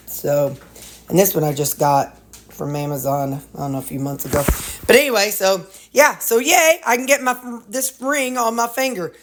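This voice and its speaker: A woman's voice: sits low, a little hiss or hum. Chatty, rambling middle-aged woman vlogger. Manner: rambling and chatty, with folksy talk and mild jokes. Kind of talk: casual chat to viewers.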